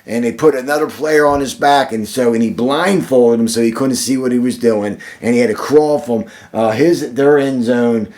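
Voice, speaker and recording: A man giving a short devotional sermon, earnest and slow, repeating phrases for emphasis and often restarting his sentences. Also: medium pitch, a little mellow. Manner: slow, deliberate delivery with frequent restarts. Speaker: devotional speaker.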